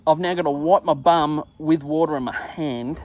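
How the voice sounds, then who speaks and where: This middle-aged English podcast host spins a crude, self-deprecating travel tale at normal speed in a relaxed monologue, his slightly high voice re-enacting his own yelling.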